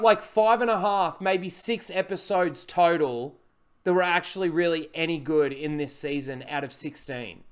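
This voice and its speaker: A man's voice: high voice, clean tone. A man recapping and reviewing a TV episode in a casual, rambling way, full of fillers and blunt, profane criticism.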